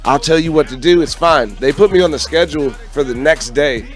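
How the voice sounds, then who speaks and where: A man's voice: fairly high pitch, a little fast, faint music behind. A man co-hosting a casual live stream, telling a rambling story with lots of swearing and acted-out quotes. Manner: animated storyteller, swears freely, acts out quotes. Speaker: radio show co-host.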